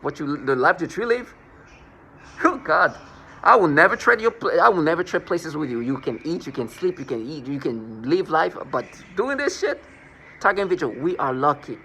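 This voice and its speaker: Agitated man ranting, higher voice. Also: big pitch swings, fairly quick, creaky, sharp tone, slight background noise. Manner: agitated, scornful, repeats and restarts words. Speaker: vlogger. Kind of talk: rambling personal monologue.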